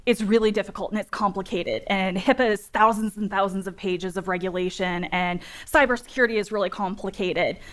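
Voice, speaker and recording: A woman in her thirties from Northern California gives a keynote on dental data security to an audience in a meeting room. Her medium-pitched, fairly bright voice carries a talk that's humorous, self-deprecating and direct.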